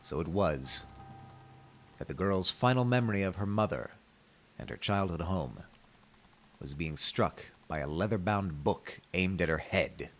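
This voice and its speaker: Deep slow-talking man reading a game. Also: animated. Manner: measured, wry asides. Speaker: streamer. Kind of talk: reading a game aloud with commentary.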